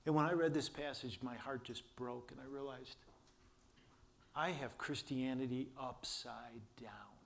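Held back by damaged vocal cords, an older man serving as pastor tells a story in his sermon with earnest feeling, restarting lines and slipping in quiet asides. His mid-range voice is creaky and a little slow.

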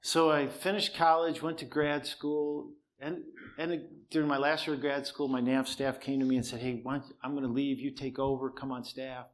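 A man's voice: medium pitch, level tone, normal speed. A man preaching, telling a personal story in an easy, conversational way with dry humor; he says he cannot raise his voice. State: cannot shout, voice strained.

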